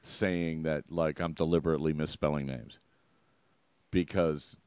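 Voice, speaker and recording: A male host chatting casually, a bit hoarse from a cold, often halting and trailing off. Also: a bass voice, steady tone, a little mellow, no room sound, clean studio sound. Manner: trailing off, halting, self-interrupting. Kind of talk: casual chat.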